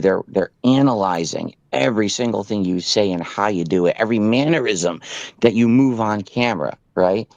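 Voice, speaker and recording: Picture a drunk man on a late-night call, his voice sitting low as he rambles on with earnest reassurances. He keeps circling back over the same points with a sympathetic push. The sound is dry, with no room around it. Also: darkish tone, dry recording, low-quality recording. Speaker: streamer on a call.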